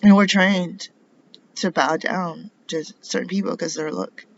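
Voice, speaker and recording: A woman's voice: lowish voice, fairly even intonation, a little slow, gravelly, lo-fi sound. A middle-aged woman from the United States in a rambling personal monologue, indignant and full of rhetorical questions. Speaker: vlogger.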